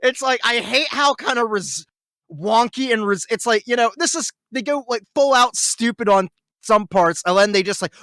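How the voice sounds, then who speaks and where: Excitable high-voiced man, bright and dry. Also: moderate pace, no room sound. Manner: excitable, swears a lot, laughs often. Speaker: podcast co-host. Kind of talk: casual podcast review chat.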